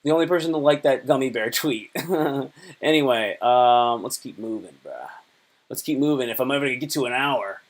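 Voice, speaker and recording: A man's voice: mid-range voice, normal speed. A man hosting a casual livestream, rambling in slang while reading posts aloud and joking. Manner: slangy, rambling, reads tweets aloud and jokes. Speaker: livestream host. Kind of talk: casual chat.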